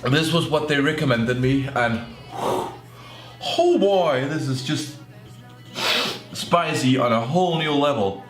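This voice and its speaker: A man's voice: mid-range voice, measured pace. Joking young man in an echoey room. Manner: joking, sarcastic, excitable outbursts. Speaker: YouTuber reacting to videos. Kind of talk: casual reaction commentary. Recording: echoey room with faint music.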